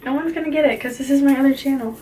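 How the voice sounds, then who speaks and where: A woman's voice: high voice, racing, mellow. A young woman chatting casually in a pregnancy update vlog, rambling with fillers and giggling easily. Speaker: vlogger sharing a pregnancy update. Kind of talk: casual chat. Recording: slightly distant mic with faint noise.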